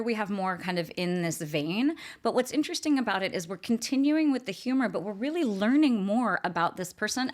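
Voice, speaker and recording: Lively woman discussing a novel. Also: mid-range voice. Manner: enthusiastic, chatty, many fillers. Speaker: book discussion host. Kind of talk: literary analysis talk.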